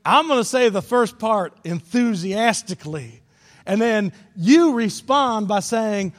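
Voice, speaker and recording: Guy preaching, high voice, lots of hall reverb, keeps repeating his points. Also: animated, unhurried. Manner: emphatic preaching, repeats key phrases. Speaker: pastor. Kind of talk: sermon. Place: church sanctuary.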